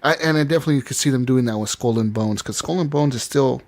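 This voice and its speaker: A man's voice: mid-range voice, quick pace, darkish tone. Swearing, laughing male podcast co-host. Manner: rambling storyteller, laughs and swears often. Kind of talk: casual chat.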